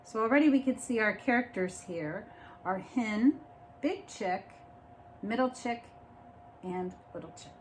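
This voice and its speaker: Woman, teacher reading a picture book, expressive, explains as she goes, slow pace, faint noise. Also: fairly high pitch. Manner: expressive, stops to explain the story. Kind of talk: storybook read-aloud.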